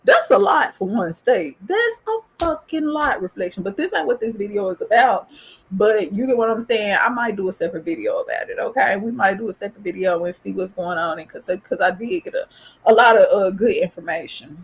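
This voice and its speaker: A woman from the US South with a Southern accent, hosting a podcast and telling a personal story in a casual, animated, profane way. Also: fairly quick, slightly rough. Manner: animated, profane, rising pitch in excitement. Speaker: podcast host.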